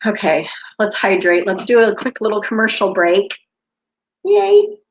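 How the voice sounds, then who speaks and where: A woman in her fifties from the United States hosts a live stream as an intuitive coach, chatting casually with viewers and drifting into spiritual tangents. Her medium-pitched voice keeps a fairly even intonation at a normal speed. The audio sounds dull.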